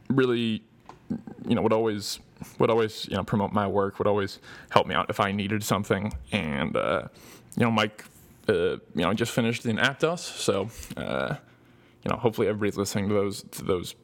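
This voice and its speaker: A man's voice: fairly low pitch, lively intonation, normal speed, gravelly. A young man hosting a podcast, talking in a rambling casual monologue with many fillers and restarts. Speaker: podcast host. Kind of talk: casual thank-you monologue.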